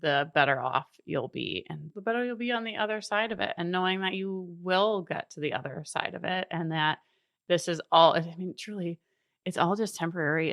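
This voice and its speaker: Low-voiced woman coaching podcast host. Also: fairly bright tone, no echo, studio quality. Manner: earnest, encouraging, laughs often. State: briefly emotional. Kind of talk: solo podcast talk.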